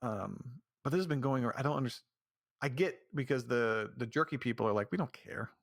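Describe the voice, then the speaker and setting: A man's voice: mid-range voice, fairly quick, gravelly, no echo, studio quality. A man hosting a solo podcast, speaking in a rambling, ranting way with many restarts. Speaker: podcast host. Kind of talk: casual solo commentary.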